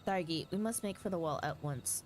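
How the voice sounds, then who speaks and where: A woman voicing an earnest young male strategist who lays out plans in a measured, urgent way. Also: on the low side, darkish tone, close to an everyday voice. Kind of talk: reading game dialogue aloud.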